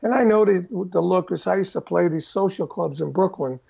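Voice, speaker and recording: The guest, an older drummer, tells stories at a moderate pace in a relaxed interview, his very gravelly voice pitched high for a man. He animates each story by putting on the voices of those he quotes, though the audio is muffled and dull.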